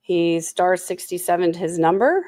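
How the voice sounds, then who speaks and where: A woman's voice: fairly low pitch, animated, a little slow, darkish tone, no room sound, clean studio sound. A tired woman with a sore throat hosting a casual trial recap, full of snarky, sarcastic asides. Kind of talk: casual commentary.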